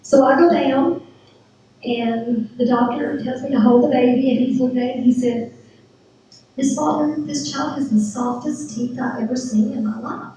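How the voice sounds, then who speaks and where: A middle-aged woman giving a church testimony, retelling events with lively quoted dialogue. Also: sits high, normal speed, far from the mic, a little hiss or hum. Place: church sanctuary. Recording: very echoey church hall from afar.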